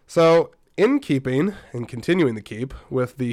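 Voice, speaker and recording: A man's voice: medium pitch, moderate pace, few pauses, a little mellow, no room sound, studio quality. A man hosting a casual solo podcast, a bit tired while getting over a stomach bug, chatty and rambling with frequent asides and restarts. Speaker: podcast host.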